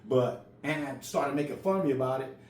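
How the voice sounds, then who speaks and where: A man's voice: medium pitch, moderate pace, a little mellow. A man in his forties who stutters, telling a personal story in a casual, raw way. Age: 40s. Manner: stutters, repeats words. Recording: roomy with faint ambient noise.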